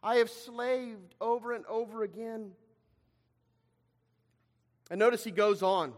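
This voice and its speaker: A man preaching a sermon, dramatic in delivery, acting out the voices he quotes with swings in loudness. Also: very high-pitched, measured pace. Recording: long reverb of a hall.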